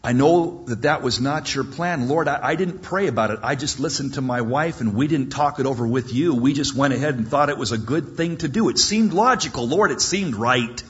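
A man's voice: mid-range voice, expressive, fairly quick, hardly any pauses, highs cut off, natural voice. A man voicing an elderly male patriarch who speaks in an emphatic, heartfelt way, in a preached sermon. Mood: confessing. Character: elderly male patriarch, overjoyed then pleading.

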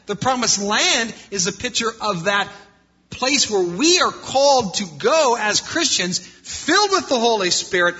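A man preaching a sermon as pastor, swinging between loud passages and quiet ones. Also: high voice, big pitch swings, a little slow, slightly rough. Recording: lo-fi muffled sound.

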